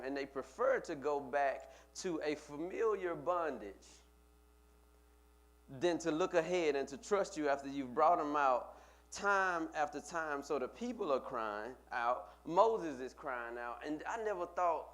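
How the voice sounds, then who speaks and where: A man's voice: a little high, a bit bright. A male pastor preaching a sermon, building with emphatic, repeated phrases. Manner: preaching with rising emphatic repetition.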